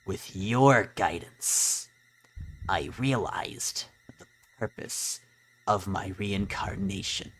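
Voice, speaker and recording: A man voicing a cold sinister spirit of a dead child in a gruff, low, slow growl for a video game. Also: a bit bright, a little hiss or hum, exaggerated voice.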